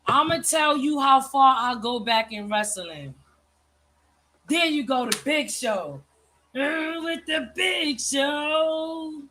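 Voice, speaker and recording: A woman's voice: high-pitched, slow pace, bright, forceful tone. A woman in a casual, chatty conversation, reminiscing with plenty of fillers. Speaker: host. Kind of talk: casual chat.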